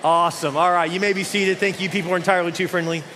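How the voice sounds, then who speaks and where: A middle-aged man preaching a sermon as pastor, animated, full of rhetorical questions and acted-out quotes, in a church sanctuary. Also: high-pitched, rapid-fire. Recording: long reverb of a large church hall.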